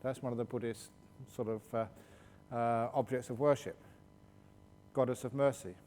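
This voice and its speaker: A man, a meditation teacher, answering questions at a retreat in a jokey, animated storytelling manner. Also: medium pitch, normal speed, slight background noise. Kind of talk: retreat Q&A talk. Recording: reverberant hall.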